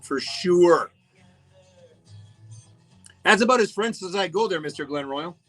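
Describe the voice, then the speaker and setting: Man, radio host, high-pitched, casual jokey chat, faint music underneath. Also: animated, unhurried, a bit bright. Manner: chatty, jokey, greets listeners by name.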